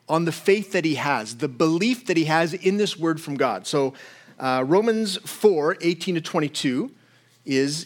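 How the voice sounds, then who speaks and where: A man preaching a sermon as pastor, talking conversationally and checking in with his listeners. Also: fairly high pitch.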